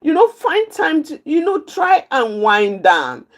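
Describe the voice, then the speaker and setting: Woman speaker, unhurried and deliberate, repeats each point for emphasis while teaching a live group. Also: high-pitched, big pitch swings. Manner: repeats key phrases, slow and emphatic, points out positions with her hands. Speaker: outreach speaker teaching anger management.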